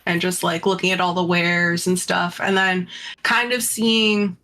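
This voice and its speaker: A woman's voice: on the low side, little pitch movement, a little slow, bright, forceful tone. A woman playing in a tabletop game, chatty and casual, filling her talk with "like". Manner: chatty, lots of "like", laughs often. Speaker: player.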